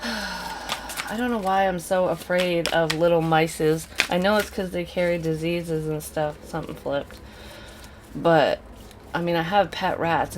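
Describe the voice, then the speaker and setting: Woman tarot reader, lowish voice, blunt and profane, rambling casual delivery, faint noise behind. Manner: blunt, swears freely, drifts into rants. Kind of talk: casual tarot reading to camera.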